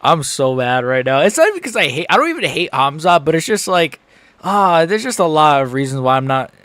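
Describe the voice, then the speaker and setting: Excitable young man reacting live. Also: a little high, a little fast, no echo. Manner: excitable, swings from groaning despair to shouting; repeats himself, swears casually. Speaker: streamer reacting live to a fight.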